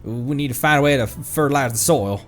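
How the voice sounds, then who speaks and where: A man's voice: mid-range voice, fast, faint music behind, natural voice. A man doing a swamp-drawling crocodile farmer. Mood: courtly. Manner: courtly, stammering put-on swamp drawl.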